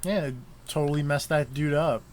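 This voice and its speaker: A man's voice: a little high, fairly even intonation, moderate pace, a little hiss or hum. A young man with a nasal, congested voice, chatting casually while playing a video game on stream. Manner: chatty, reacting out loud to the game. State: congested from allergies. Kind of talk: casual gameplay commentary.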